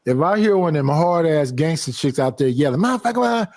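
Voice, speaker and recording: A man's voice: a little high, a little fast, dry recording. A man on a podcast panel, telling what he would do and acting out little scenes. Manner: animated, acts out scenes in voices. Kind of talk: casual chat.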